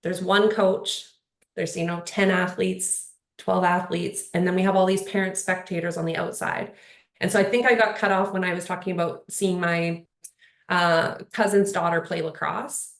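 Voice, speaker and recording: A woman's voice: lowish voice, fairly even intonation, normal speed. A woman speaking on a panel in casual conversation, earnest and rambling, with lots of "like" and "you know". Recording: roomy echo.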